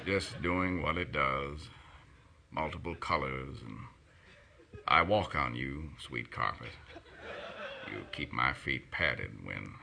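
Brief: man doing a rumbling deep older narrator, gravelly and slow, musing. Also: bright, forceful tone, a little hiss or hum, full character voice.

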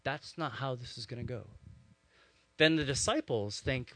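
Guy preaching a sermon, chatty and animated, dry close sound. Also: mid-range voice, normal speed, no echo. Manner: animated storytelling with conversational asides. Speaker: pastor.

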